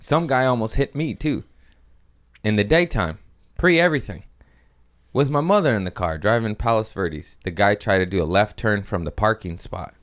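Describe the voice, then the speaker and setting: A man's voice: lowish voice, normal speed, fairly bright tone. A man hosting a podcast, telling loose, rambling stories with swearing and laughs in a casual chat. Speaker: podcast host.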